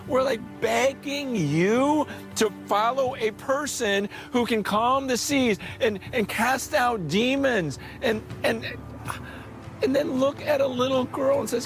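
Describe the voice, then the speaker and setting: Guy preaching hard, pretty high voice, repeats himself, music going underneath. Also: lively intonation, unhurried. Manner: impassioned, urgent, repeats words. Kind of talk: sermon.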